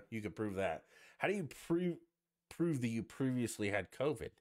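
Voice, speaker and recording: A man's voice: medium pitch, sing-song, moderate pace. A man hosting a solo podcast, ranting in a profane, sarcastic and rambling way. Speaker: podcast host.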